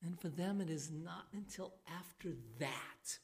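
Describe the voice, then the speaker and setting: A woman preaching a sermon in a church on a handheld microphone, slow and emphatic, turning animated when she voices the people in the passage. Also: fairly low pitch.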